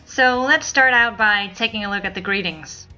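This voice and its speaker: A woman from Denmark teaching a language lesson, repeating each phrase slowly and clearly for learners. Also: medium pitch, sharp tone, lo-fi sound, faint music behind. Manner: clear, slow model pronunciation with repeated phrases.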